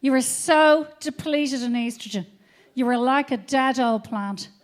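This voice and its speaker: A blunt, unflappable Irish woman doctor delivers news in a matter-of-fact voice, as a comedian puts her on. The voice is lowered a little from the comedian's usual high pitch. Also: unhurried.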